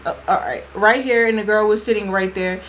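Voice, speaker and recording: Speaking fairly quickly in a mid-range voice, this young storytime vlogger relives a party with lively slang and performed quotes. The audio is low quality, with a little hiss or hum.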